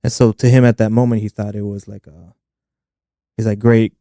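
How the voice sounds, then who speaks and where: A man co-hosting a movie podcast, calmly walking through the plot in a steady, explanatory way. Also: fairly low pitch, brisk, no room sound, studio quality. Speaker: podcast co-host. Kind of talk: casual movie discussion.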